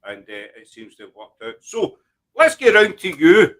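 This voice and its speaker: Glaswegian male host, rambling and jokey, bright forward tone, casual chat. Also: high voice, huge pitch swings, normal speed, low-quality recording. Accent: Glaswegian Scottish. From Glasgow, Scotland. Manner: jokey, rambling, self-deprecating.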